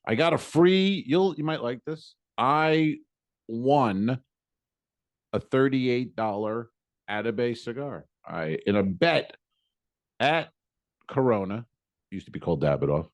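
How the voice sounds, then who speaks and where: Male podcast co-host, animated rambling storyteller, dry close sound. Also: medium pitch, slow pace, pauses often, dry recording. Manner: rambling, animated, quotes people in voices. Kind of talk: casual storytelling.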